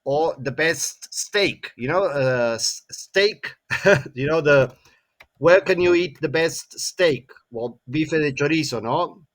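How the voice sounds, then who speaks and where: Slow male English teacher. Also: fairly high pitch, fairly bright tone. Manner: frequent tag questions "no?" and "eh?", repeats words. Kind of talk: classroom grammar lesson.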